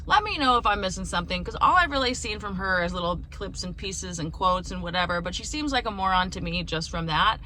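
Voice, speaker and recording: A woman's voice: medium pitch, expressive, brisk, hardly any pauses, sharp tone, slight background noise. A woman comedian talking casually to camera in a rambling, chatty way, laughing and swearing freely. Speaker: stand-up comedian.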